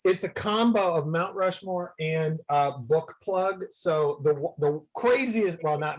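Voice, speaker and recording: A man talks casually over a video call, drifting between stories with a self-mocking, upbeat ramble. His voice sits slightly higher than most men's. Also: poor audio. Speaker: guest entertainer.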